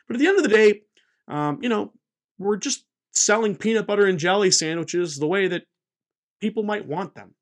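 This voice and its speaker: Animated, playful man hosting a vlog. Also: sits high, a little fast. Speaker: channel host and game designer. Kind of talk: comedic casual vlog.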